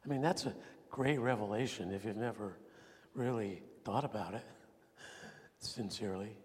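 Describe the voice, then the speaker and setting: A man preaching a sermon with earnest emphasis, swinging between ringing points and quiet, intense asides. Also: on the low side, moderate pace. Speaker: pastor. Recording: long reverb of a large hall.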